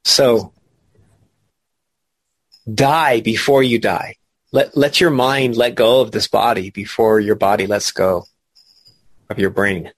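A man leading a spiritual study class, explaining ideas in an animated way, laughing and asking questions. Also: on the low side, slow pace, long pauses, no echo. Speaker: spiritual teacher.

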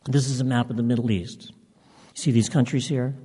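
Hopeful chatty lady tourist, rambling, excitable, a man doing her voice, long hall reverb. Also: mid-range voice, normal speed, slightly rough, lightly acted. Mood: earnest. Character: hopeful woman on vacation, eager and chatty.

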